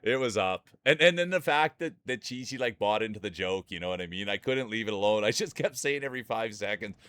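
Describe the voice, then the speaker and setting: Low-voiced joking male stream commentator. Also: expressive, fairly quick, fairly bright tone, clean tone, dry recording. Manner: rambling, joking, laughs often. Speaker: streamer commentating marble races. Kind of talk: casual live-stream commentary and banter.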